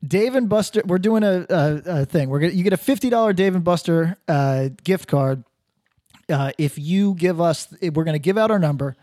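A man co-hosting a podcast in casual crude chat, reading reviews aloud with loud laughing bursts. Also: high-pitched, animated, moderate pace, dry recording, clean studio sound. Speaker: podcast co-host.

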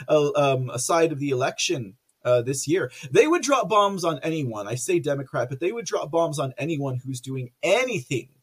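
A talkative male livestream host with a somewhat high voice. He rambles through viewer comments, stumbles over fillers, and breaks into laughter often. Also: slightly rough. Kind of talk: casual livestream commentary reading viewer chat.

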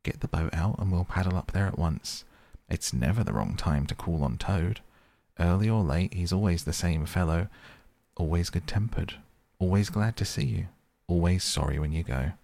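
A man voicing a good-natured male water rat who talks cheerfully and briskly in a storybook reading. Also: low voice, creaky, a little mellow, no echo. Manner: cheerful, brisk, easily indignant.

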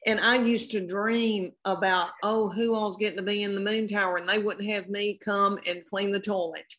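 A woman. She is chatty and folksy, full of exclamations, and sits at a middle pitch for a woman. She is a comedian guest on a casual podcast. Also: steady tone, normal speed, a bit bright. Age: 50s.

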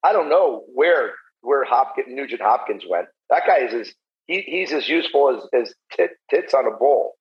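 A man's voice: medium pitch, lively intonation, normal speed. A man and former pro hockey player, a podcast guest who talks in a blunt, profane, heated way. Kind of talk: casual podcast chat. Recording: muffled lo-fi audio.

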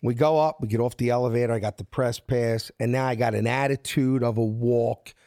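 Animated and casual, this South Philadelphia guest acts out the dialogue of his story in a range of voices. He speaks fairly quickly at a medium pitch, in a dry, studio-quality recording.

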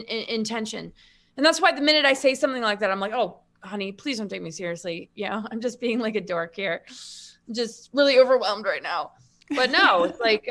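A woman's voice: fairly high pitch, pushed and bright. Rambling woman guest on a spiritual podcast. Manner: rambling, many restarts and filler words. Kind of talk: casual spiritual conversation.

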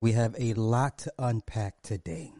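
A man hosts a casual commentary stream, drawing his words out slowly and repeating points for emphasis. His voice is dark and mellow. It is recorded dry, close to the mic. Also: lowish voice, dry recording. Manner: drawling, repetitive, emphatic, chuckles often. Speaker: commentary show host.

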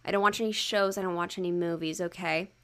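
A woman's voice: lowish voice, fairly even intonation, fast talker, a bit bright. A young woman chatting casually to her YouTube viewers, bubbly and rambling, with casual swearing and self-mocking asides.

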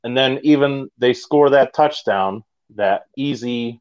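A man's voice: medium pitch, takes it slowly, hardly any pauses, muffled recording. A man talking in a rambling, hesitant way in a casual sports chat.

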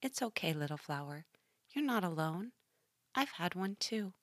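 A kindly clinic nurse croons in a high, light, hushed voice, slow and calm as she comforts someone on the phone. A woman reading her story does the voice. Every word is soft and soothing. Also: no room sound, studio quality. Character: gentle sweet-voiced female clinic nurse.

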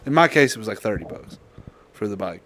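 A man's voice: lowish voice, animated, a little fast, a bit bright, slight background noise. A young man co-hosting a podcast, bantering in a profane, teasing way and laughing often. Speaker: podcast co-host. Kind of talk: casual banter.

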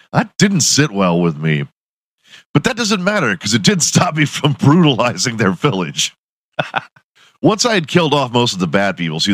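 Laid-back, low-voiced man swearing through a story. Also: no room sound. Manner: profane, laughing, animated storytelling. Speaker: podcast host. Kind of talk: casual monologue.

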